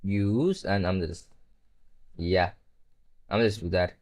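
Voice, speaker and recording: A man's voice: sits low, a little slow, a little mellow. Swearing, rambling male live streamer. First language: not English. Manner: rambling, swears when frustrated, talks to chat. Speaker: livestreamer. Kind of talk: casual live-stream chat while coding.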